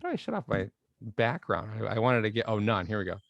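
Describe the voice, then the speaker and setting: A man's voice: fairly low pitch, big pitch swings, a little fast, gravelly, muffled recording, heavy background noise. A man hosting a podcast interview over a video call, talking casually with hesitant restarts. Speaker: podcast host.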